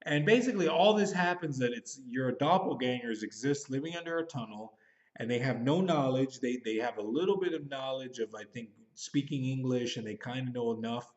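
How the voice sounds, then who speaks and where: Thirties man, mid-pitched, rambling casual film review, hurried, dull lo-fi home recording. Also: animated. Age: 30s. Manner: rambling, hurried, thinking aloud. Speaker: movie reviewer. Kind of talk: casual spoken movie review.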